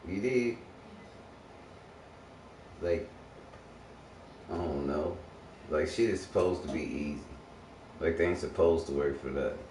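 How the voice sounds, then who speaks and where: A man's voice: a bass voice, measured pace, pauses often, a little mellow, slight background noise. A man giving a blunt, preachy, profane rant on a casual livestream. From Texas. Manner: blunt, preachy, swears a lot. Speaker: livestream streamer. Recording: echoey room, voice distant from the mic.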